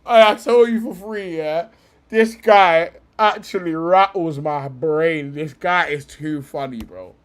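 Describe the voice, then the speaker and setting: A young man hosting a casual live stream, reacting to clips in excited, laughing bursts and swearing freely. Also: a little high, slow pace.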